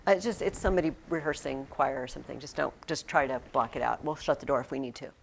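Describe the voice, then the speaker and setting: A woman teaching a Latin class in a classroom, explaining slowly with frequent restarts. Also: a bass voice, gravelly, slight background noise. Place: classroom with students.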